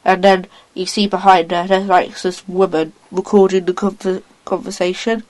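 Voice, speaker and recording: A woman in casual chat, retelling a story in a rambling, excitable way, acting out lines as she goes. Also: mid-range voice, normal speed, poor audio.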